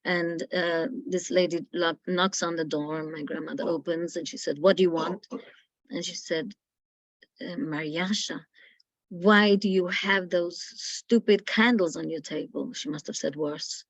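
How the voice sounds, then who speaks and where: A middle-aged woman giving a storytelling talk as a guest speaker, who acts out the people in her story in louder, higher voices. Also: unhurried, no room sound, low-quality recording. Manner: acts out quoted voices, loud and high when quoting.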